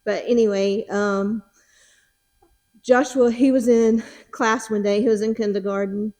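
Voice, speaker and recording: A middle-aged woman, a former preschool teacher, gently telling a family story in a relaxed, casual way. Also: mid-range voice, a little slow.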